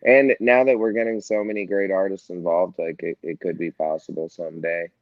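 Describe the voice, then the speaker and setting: A man's voice: low voice, flat delivery, brisk, no echo, lo-fi sound. A man in his thirties from New York, a band member chatting casually in an interview, joking, swearing freely and rambling. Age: 30s.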